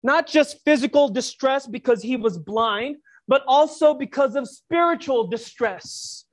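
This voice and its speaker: Slow, reflective preacher. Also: high voice. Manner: reflective, uses rhetorical questions. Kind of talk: sermon.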